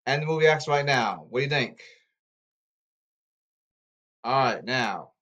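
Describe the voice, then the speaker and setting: A man ranting about baseball and social media in repetitive, halting bursts. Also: medium pitch, animated, fairly bright tone. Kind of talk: rambling ranting commentary.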